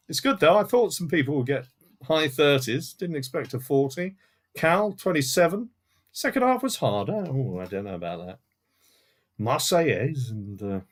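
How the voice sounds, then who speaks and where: A man hosting a live-streamed music quiz from home, reading out answers and scores with dry joking asides. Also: mid-range voice. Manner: chatty, with asides and dry jokes. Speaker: quiz host. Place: home room in front of a CD collection.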